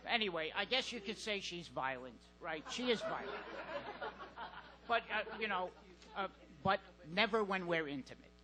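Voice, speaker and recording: A man doing a stand-up set in a comedy club, deadpan and halting with fillers. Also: high-pitched, crowd noise, poor audio.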